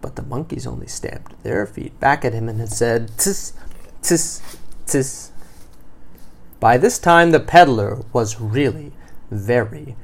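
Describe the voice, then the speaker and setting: A woman reading a picture book aloud to a child, patient and gently expressive. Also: extremely low pitch, moderate pace, gravelly, slightly rough.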